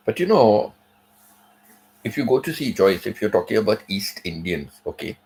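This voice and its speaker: This channel host speaks in a lowish, sing-song voice with a darkish tone at a moderate pace, and the audio quality is poor. His casual monologue rambles and digresses, full of asides and fillers like "you know" and "right?"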